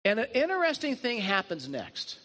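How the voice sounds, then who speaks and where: A man's voice: very high-pitched, huge pitch swings, normal speed, sharp tone. A man preaching a sermon as a pastor, retelling stories in an earnest way and leaning on repetition. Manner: earnest storytelling, leans on repetition.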